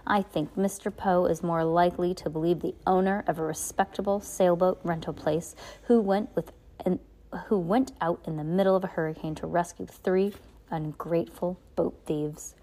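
A woman's voice: lowish voice, fairly even intonation, moderate pace, dark tone. A woman reading aloud, voicing a scheming, sneering villain with a mocking, impatient manner.

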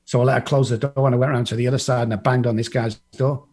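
A man from England tells a group his personal recovery story, blunt and profane, acting out the voices of the people in it. His medium-pitched voice is steady in tone and a little mellow with a breathy edge, and he speaks very fast.

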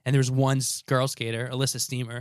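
A man's voice: mid-range voice, little pitch movement, fast talker, no room sound, studio quality. Laid-back man chatting on a podcast. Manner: laid-back, laughs often, trails off mid-sentence. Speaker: podcast co-host. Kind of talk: casual chat.

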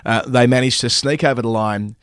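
A man's voice: medium pitch, fairly even intonation, brisk, a bit bright, smooth, no room sound. Man, podcast co-host, casual sports chat, chatty, laughs often, dry close sound. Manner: chatty, with frequent laughs and restarts.

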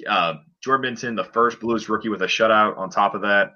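Deep-voiced man recapping hockey, lo-fi. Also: brisk, bright, forceful tone. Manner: rambling play-by-play recap with frequent fillers. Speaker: podcast co-host. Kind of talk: casual sports podcast chat.

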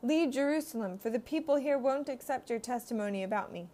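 A woman's voice: a little high, lively intonation, fairly quick, dark tone, natural voice. A woman voicing the commanding male voice of God from heaven, firm and direct.

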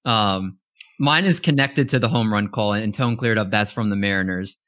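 A man's voice: lowish voice, moderate pace, a bit bright, no room sound, clean studio sound. A man hosting a sports podcast who jokes and stumbles over his words in casual chat. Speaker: podcast host.

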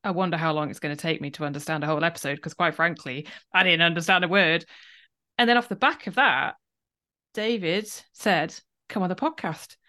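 Lively woman host from Wales. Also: on the low side, fairly quick. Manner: lively, enthusiastic storytelling. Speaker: podcast host. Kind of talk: casual interview chat.

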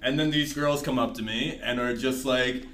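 A man's voice: mid-range voice, steady tone, moderate pace, a bit bright, low-quality recording. A young man co-hosting a podcast, telling a rambling story and laughing often in casual chat. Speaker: podcast co-host.

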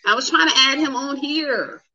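A woman's voice: high voice, normal speed, bright, forceful tone, lo-fi sound. A woman hosting a casual livestream, flustered and chatty, talking straight to her viewers. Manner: flustered, talks to viewers as "y'all". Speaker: livestream host. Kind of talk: casual live chat.

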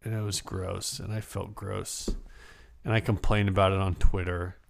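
A man's voice: sits low, level tone, normal speed, gravelly. A man co-hosting a casual podcast, rambling and self-deprecating, often trailing off mid-thought. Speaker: podcast co-host. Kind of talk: casual chat.

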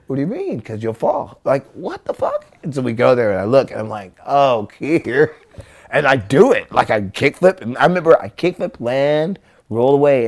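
Brief: male skater storyteller, lively swooping pitch, casual, does friends' voices. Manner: animated, acts out friends' lines, swears freely.

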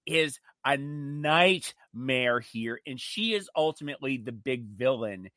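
A man co-hosting a casual chat, telling stories in an animated, emphatic way. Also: medium pitch, slow, dry recording. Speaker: co-host.

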